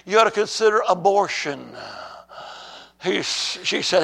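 A high, gravelly preacher man. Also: animated, measured pace, pauses often, a bit bright. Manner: dramatic storytelling, calls to the church. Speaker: pastor. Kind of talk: preaching a sermon with story. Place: church before a congregation.

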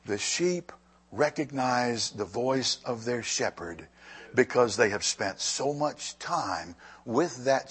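A man preaching a sermon to a congregation, swinging between quiet stretches and loud, fervent rises. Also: on the low side, breathy edge. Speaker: pastor.

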